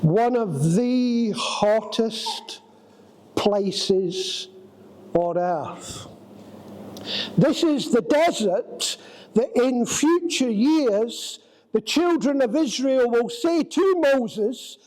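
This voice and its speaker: A man preaching a sermon in a church, telling a personal story with drawn-out, dramatic phrasing. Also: very high voice, animated, darkish tone, low-quality recording.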